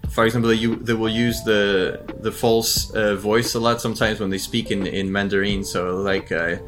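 A man's voice: fairly low pitch, steady tone, normal speed, a bit bright, faint music behind. A middle-aged man as an interview guest, talking thoughtfully with frequent restarts. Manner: thoughtful, restarts often, imitates accents with laughter. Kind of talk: casual interview talk.

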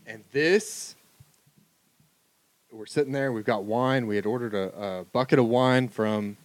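A man telling a funny story in a casual chat, animated and laughing often. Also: medium pitch, a little slow, no room sound.

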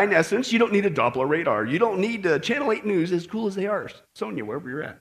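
A male pastor delivers a sermon with a high, strongly animated voice whose pitch leaps and drops as he acts out the people he quotes. He keeps drawing the congregation in with quick "okay" and "right" checks. His delivery is that of a church preacher in full flow. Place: church in Las Vegas.

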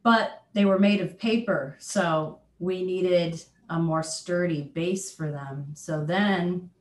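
Kids musician lady talking about her songs, kinda low voice, lots of ums, echoey room. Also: slow. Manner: chatty, laughs often, lots of ums and restarts. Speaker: children's musician, guest. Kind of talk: casual interview chat. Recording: roomy echo.

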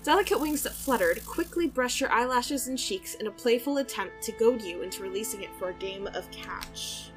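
A woman narrating a tabletop game as game master with unhurried, descriptive narration. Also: fairly high pitch, lively intonation, music in the background.

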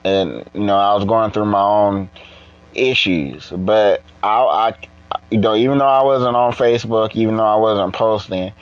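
A tired man hosting a casual solo podcast, rambling and halting with many restarts. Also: on the low side, clean tone, no room sound, dull audio. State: tired, yawning. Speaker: podcast host.

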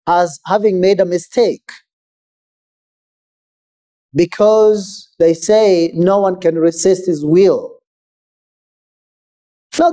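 A man preaching a sermon in a measured, emphatic way with pauses. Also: high-pitched, dark tone.

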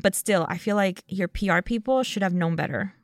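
A woman's voice: mid-range voice, a little fast, no echo, clean studio sound. A woman co-hosting a podcast in casual chat, enthusiastic and emphatic as she reads out comments. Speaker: podcast co-host.

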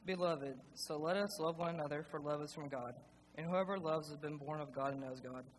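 A man reading scripture aloud at a church service in a steady, measured way. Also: a little high, in a large hall, a little hiss or hum, rough recording. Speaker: scripture reader. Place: church sanctuary.

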